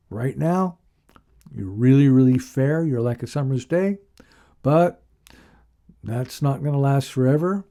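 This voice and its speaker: A man's voice: medium pitch, mellow. A man giving a recorded literature lecture, reading a poem aloud and then explaining it with frequent ums and uhs. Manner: slow, measured reading with frequent fillers.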